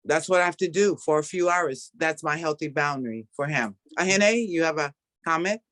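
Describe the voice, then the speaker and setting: A woman's voice: deep voice, moderate pace, fairly bright tone, no room sound. Middle-aged woman hosting a video call, dry close sound, laughs a lot. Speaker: host. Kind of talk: casual chat on a video call.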